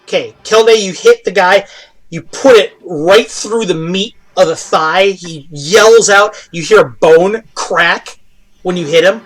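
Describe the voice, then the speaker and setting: A man running a tabletop game as game master, narrating action with frequent pauses and fillers. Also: high voice. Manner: halting, with many fillers.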